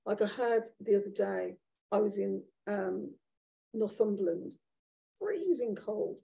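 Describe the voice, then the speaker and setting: Gravelly Brummie woman in her sixties. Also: medium pitch, measured pace. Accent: Birmingham. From Birmingham, England. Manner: animated, candid storytelling with restarts. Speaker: author, guest speaker. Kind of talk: conversational onstage talk. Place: event room with an audience.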